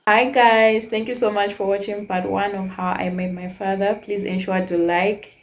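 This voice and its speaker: A woman's voice: medium pitch, normal speed. Young woman telling a personal story. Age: 20s. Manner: emotional, frequent "like" fillers, animated quoting. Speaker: storytime vlogger. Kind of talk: casual storytelling to camera.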